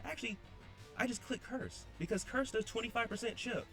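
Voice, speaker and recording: A man's voice: extremely high pitch, fairly quick, music in the background. A young man giving blunt, slangy commentary on his own game, repeating himself a lot. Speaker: draft league player. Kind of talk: casual gameplay commentary.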